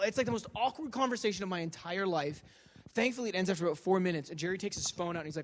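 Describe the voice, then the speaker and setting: A man giving a lecture as a comic story, animated and self-deprecating, acting out the dialogue. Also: sits high, very fast.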